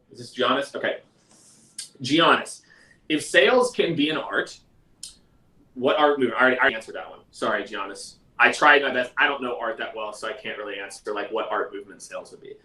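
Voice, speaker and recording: A man hosting a live sales question-and-answer stream in a casual, energetic, conversational way. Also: fast. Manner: energetic, conversational, mimics others in a high voice. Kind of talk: casual livestream talk. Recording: roomy echo, mic at a distance.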